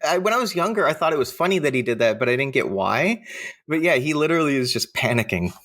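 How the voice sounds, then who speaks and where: A man's voice: on the high side, expressive, fast, a bit bright. A man co-hosting a podcast, chatting casually and rambling through restarted sentences. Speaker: podcast co-host.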